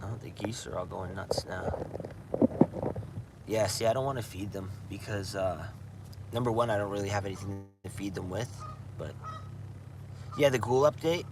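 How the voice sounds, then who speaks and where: A man's voice: on the low side, moderate pace, pauses often, very noisy. A man chatting casually on a livestream from outdoors, rambling and saying "dude" a lot. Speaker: gaming livestreamer.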